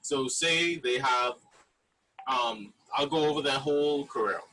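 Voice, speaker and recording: A man's voice: mid-range voice, unhurried, pushed and bright, poor audio. A man co-hosting a casual sports podcast who restarts often and builds his argument step by step. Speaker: podcast co-host. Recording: husky voice from away from the mic.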